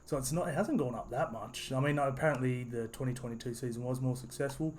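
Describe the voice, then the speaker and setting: A man's voice: mid-range voice, fast talker, slight background noise. A man giving a casual, rambling opinion monologue, full of restarts and "you know"s. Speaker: sports commentary vlogger.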